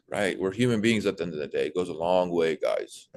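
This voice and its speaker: A young sales trainer with a low voice coaches his team casually and loosely, talking fast with hardly any pauses. He's animated, repeatedly slipping into a bright, fake phone-rep voice to act out calls.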